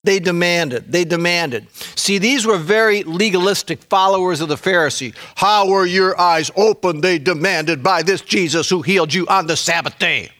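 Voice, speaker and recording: A man preaching a sermon in an animated storytelling way, acting out the voices in the scripture and repeating words for emphasis. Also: sits high, normal speed, hardly any pauses. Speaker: pastor.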